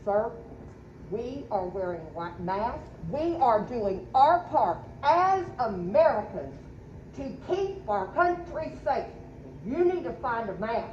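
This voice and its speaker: A woman with a highish, very lively voice hosts a playful skit, teasing and chatting with stuffed toys. She talks slowly and draws words out. The sound is echoey and dull, with a faint hiss behind her. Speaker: community video host.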